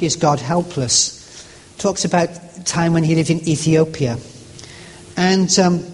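A man preaching a sermon, telling stories in a conversational way with stumbles and asides to the congregation. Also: high voice. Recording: long reverb of a large hall.

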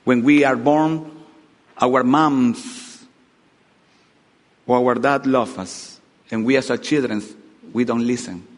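Dramatic preacher in a reverberant hall. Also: male voice, mid-range voice, takes it slowly, pauses often. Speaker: pastor. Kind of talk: sermon. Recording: long reverb of a large hall.

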